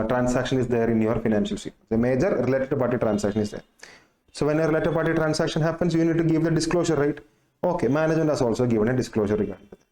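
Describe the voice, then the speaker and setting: A man's voice: fairly high pitch, warm tone. A man gives a casual exam-prep lecture, explaining step by step with many repeats and fillers. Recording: roomy echo.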